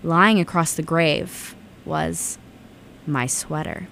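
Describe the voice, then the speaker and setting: A young woman with a slightly low voice hosts a radio show in a relaxed, chatty way. She fills pauses with "um" as she runs through the playlist. She also reads a story aloud to listeners. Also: a little hiss or hum. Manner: relaxed, chatty, with frequent "um" fillers. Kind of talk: casual radio chat and story reading.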